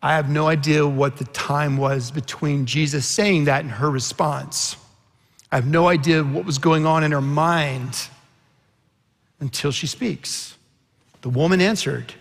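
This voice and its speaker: Man, pastor, sermon, earnest storytelling, slightly high voice, gravelly edge. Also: moderate pace, in a large hall. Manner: earnest storytelling preacher, quoting scripture with rising intensity.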